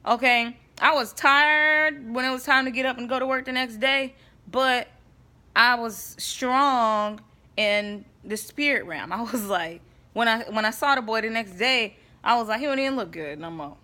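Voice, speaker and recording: A woman's voice: a little high, measured pace, sharp tone. A woman giving a casual faith talk to camera, chatty and emphatic, often checking in with her listeners. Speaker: vlogger.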